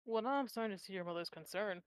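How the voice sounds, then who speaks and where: A woman's voice: mid-range voice, rapid-fire, no room sound, close to an everyday voice. A woman voicing a blunt, world-weary female ex-mercenary who swears offhandedly. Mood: dry.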